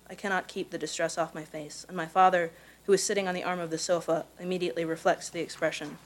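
Low-voiced woman reading her essay. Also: fairly even intonation, poor audio. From Missouri. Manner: measured, careful storytelling delivery. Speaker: contest winner reading her own prose. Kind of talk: reading a personal essay aloud. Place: live reading event.

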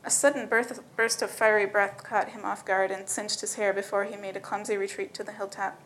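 A woman's voice: medium pitch, little pitch movement, brisk, a bit bright, rough recording. Woman reading a story aloud. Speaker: narrator.

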